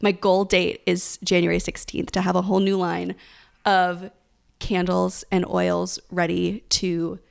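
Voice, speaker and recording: A woman's voice: fairly low pitch, little pitch movement, unhurried, vocal fry. A young woman co-hosting a casual podcast, bubbly and rambling, laughing often as she talks. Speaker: podcast co-host.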